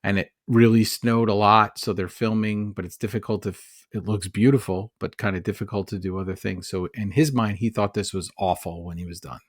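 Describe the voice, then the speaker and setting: A man's voice: lowish voice, fairly even intonation, fairly quick, no echo, studio quality. A man co-hosting a podcast, chatting casually about a movie in a rambling, analytical way. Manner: rambling, analytical, many fillers and restarts. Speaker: podcast co-host. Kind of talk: casual film discussion.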